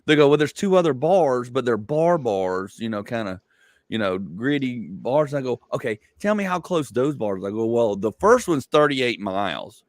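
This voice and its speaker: A comedian from Georgia with a Southern accent tells comic stories on a live chat show, acting out quoted dialogue and swearing casually. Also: male voice, medium pitch, expressive, normal speed, no echo, clean studio sound. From Georgia, USA. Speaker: comedian and co-host.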